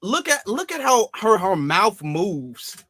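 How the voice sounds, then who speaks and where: High-voiced guy hosting, bright tone, mocking and animated. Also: takes it slowly, dry recording. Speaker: podcast host. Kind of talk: casual chat.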